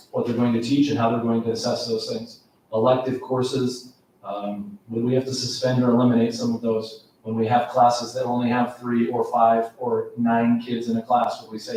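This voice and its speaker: Male school administrator, flat and measured delivery with ums, heard from a distance in a very echoey room. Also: medium pitch, a little hiss or hum. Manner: measured, steady, with frequent ums and restarts. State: has a cough. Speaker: school administrator presenting to a board. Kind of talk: slide presentation at a workshop.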